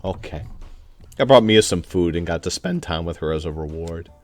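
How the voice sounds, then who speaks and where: Low-voiced man reading game lines. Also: moderate pace. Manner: plain, steady reading with joking asides. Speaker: host of a game playthrough. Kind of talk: reading game narration aloud, casual chat.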